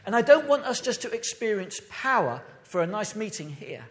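A man's voice: high voice, sing-song, moderate pace, fairly bright tone. Uk pastor guy, emphatic sermon, big echoey church sound. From United Kingdom. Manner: impassioned, emphatic preaching.

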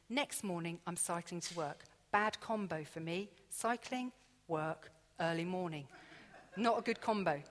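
A woman preaching a conversational sermon, chatty and confiding, acting out her own inner dialogue as she tells stories. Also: mid-range voice. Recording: echoey hall.

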